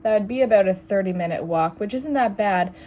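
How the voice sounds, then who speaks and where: A raspy, hoarse young woman just over an illness, rambling sarcastically in a casual vlog filmed in her bedroom. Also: medium pitch, fairly quick, dark tone. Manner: rambling, sarcastic, easily sidetracked. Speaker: vlogger. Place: small bedroom at home.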